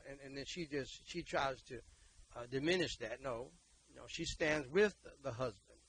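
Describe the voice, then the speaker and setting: Man, preacher, gravelly and mid-pitched, preaches in loud bursts and quiet stretches. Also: normal speed, poor audio. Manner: emphatic, repeats words, swings between loud exhortation and quiet talk. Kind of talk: sermon and prayer.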